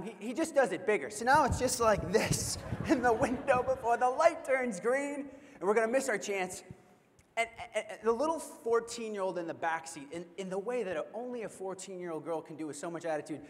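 A young man with a high voice tells a humorous story from a conference stage. His delivery is animated and playful, and he keeps questioning the crowd. His voice rings with the long reverb of a big hall. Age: young adult. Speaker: keynote speaker. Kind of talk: storytelling keynote speech. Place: large convention hall.

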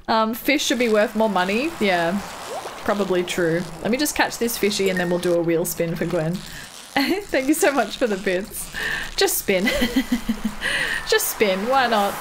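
A high-voiced woman plays a game on a live stream, casually chatting with viewers and laughing a lot. A little hiss or hum sits under the recording.

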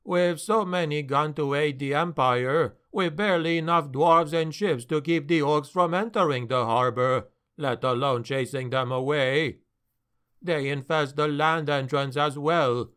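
A man's voice: fairly high pitch, fairly even intonation, a little slow, a bit bright, clean tone. A man voicing a bitter, weary male dwarf harbor master who grumbles his complaints, for an audiobook.

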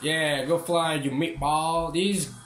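A man's voice: a little high, steady tone, takes it slowly, fairly bright tone, roomy sound, slight background noise. A young man giving casual gameplay commentary, joking, swearing and taunting the enemies on screen. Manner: profane, joking, talks to the game's enemies. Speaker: gaming channel host.

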